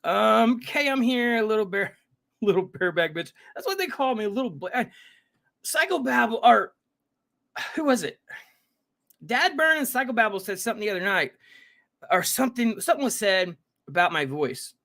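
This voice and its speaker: A man hosts a relaxed live reaction stream, saying hello to viewers by name and rambling with many self-interruptions. His voice sits high with lively intonation and a creaky, bright, forceful quality, at a moderate pace with frequent pauses.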